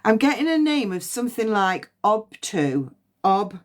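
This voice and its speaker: A woman giving a past-life psychic reading on a phone livestream, halting and repeating words as impressions come to her. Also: medium pitch, sing-song. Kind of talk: livestream reading and guided release.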